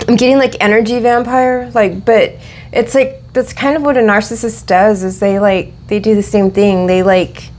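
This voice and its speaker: A woman's voice: mid-range voice, fairly even intonation, moderate pace, a little mellow, a little hiss or hum. A woman giving a casual tarot reading, rambling with many fillers and restarts. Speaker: tarot reader.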